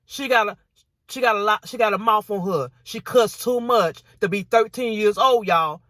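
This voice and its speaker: A woman's voice: mid-range voice, moderate pace, a bit bright, no echo, clean studio sound. A woman vlogger giving indignant reaction commentary on viewer comments, repeating herself and saying y'all often.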